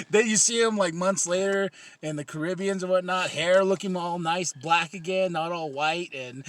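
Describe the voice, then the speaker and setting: A man's voice: high voice, moderate pace, fairly bright tone. A man in his thirties co-hosting a casual comedy podcast, rambling and swearing, laughing often. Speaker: podcast co-host.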